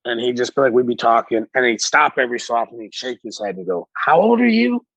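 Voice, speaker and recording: Gravelly, husky man telling wrestling-style stories. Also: medium pitch, quick pace, no room sound. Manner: animated, profane, acts out quotes. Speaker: guest. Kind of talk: casual storytelling. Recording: dull lo-fi recording.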